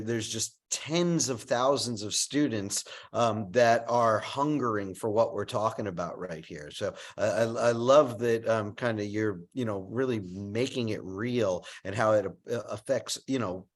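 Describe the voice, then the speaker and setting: A man hosting a webinar over a video call, talking with frequent fillers and restarts. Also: lowish voice. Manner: halting, many fillers and restarts, laughs easily. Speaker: webinar host. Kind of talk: webinar talk.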